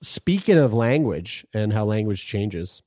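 A man's voice: lowish voice, unhurried, dry recording, studio quality. A man co-hosting a casual podcast, reading items aloud in a crude, joking manner. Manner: animated, crude, laughs while reading. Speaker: podcast co-host.

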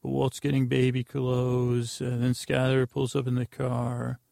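A man's voice: medium pitch, completely flat delivery, unhurried, creaky, warm tone, no room sound, clean studio sound. A man hosting a podcast, recapping a TV episode in a rambling, offhand way and correcting himself as he goes. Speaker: podcast host.

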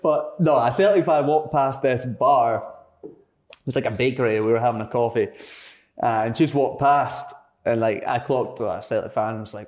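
In a relaxed interview, a young Scottish man who plays football tells stories loosely, with lots of fillers and fast corrections of himself. His voice is mid-pitched and a bit dark.

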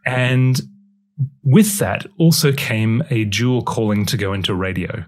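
A man from Australia, an author and broadcaster, talking about his life in a relaxed interview with self-deprecating humor. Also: lowish voice, a little slow.

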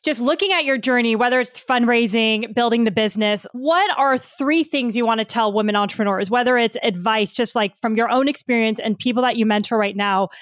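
A woman's voice: a little high, brisk, hardly any pauses, no echo, studio quality. A woman hosting an interview, eagerly asking the guest for advice. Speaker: interview host. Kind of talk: conversational interviewing.

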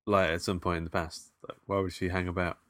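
A man with a lowish voice and bright, forceful tone is chatting on a film podcast. He runs a trivia round with playful teasing. The recording is dry and close. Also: level tone, fast talker, no echo. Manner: quizzing with playful banter. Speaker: podcast co-host. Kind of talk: casual film podcast chat.

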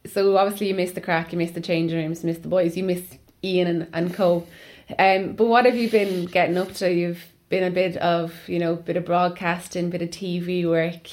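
A woman hosting an interview, asking brisk, friendly questions. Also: on the low side, level tone, a little mellow. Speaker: host.

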